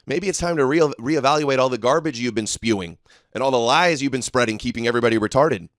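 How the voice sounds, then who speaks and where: A man's voice: mid-range voice, fast talker, fairly bright tone, no room sound, studio quality. Mocking, combative male streamer. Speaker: livestream host. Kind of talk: ranting livestream commentary.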